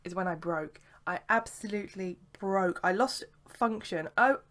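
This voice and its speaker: A woman's voice: mid-range voice, unhurried, a bit bright. A young woman talks straight to camera in a casual vlog. She rambles freely, piling up "sort of" and "like" as she goes. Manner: chatty and rambling, lots of "sort of" and "like". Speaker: vlogger. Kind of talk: casual chat.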